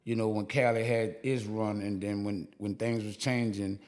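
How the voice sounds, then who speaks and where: A man's voice: on the low side, flat delivery, normal speed, darkish tone. A man with a New Orleans accent, co-hosting a podcast and musing in casual chat, full of fillers and restarts. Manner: reflective, rambling with many fillers. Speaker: podcast co-host.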